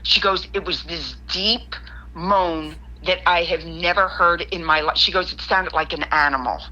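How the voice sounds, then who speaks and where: A woman caller on a podcast, telling a story and quoting her friend in animated asides. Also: on the low side, moderate pace, highs cut off. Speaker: guest caller.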